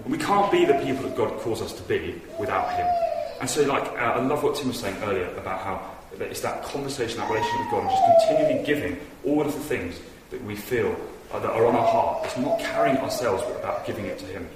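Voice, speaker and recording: A man's voice: mid-range voice, huge pitch swings, fast talker, few pauses. A man giving an earnest, conversational sermon in a church hall, telling stories with animation. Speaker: preacher. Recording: echoey hall from far off with noise.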